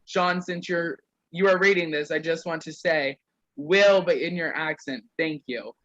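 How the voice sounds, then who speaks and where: A man's voice: on the high side, a little slow, fairly bright tone, highs cut off. A young man casually reading roasts aloud to a group on a call, stumbling over words and laughing.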